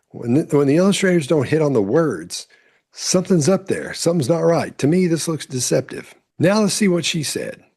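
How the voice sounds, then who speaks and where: A man commenting on courtroom testimony, explaining calmly step by step. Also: a little high, creaky, husky. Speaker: body-language commentator.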